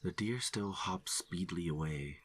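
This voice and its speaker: A man narrating a first-person horror story in a steady, low-key delivery. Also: measured pace, a little hiss or hum.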